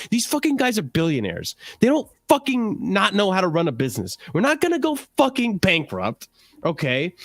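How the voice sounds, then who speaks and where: High, lively voice of a ranting man. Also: no echo. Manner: profane, animated ranting. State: cranky from lack of sleep. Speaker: livestream co-host. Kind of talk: ranting fan livestream chat.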